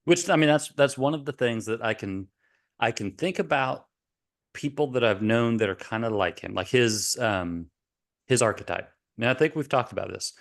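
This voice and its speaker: A man's voice: mid-range voice, moderate pace, gravelly. A man co-hosting a casual podcast, talking in a rambling, hesitant way with lots of filler words. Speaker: podcast co-host. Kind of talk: casual chat.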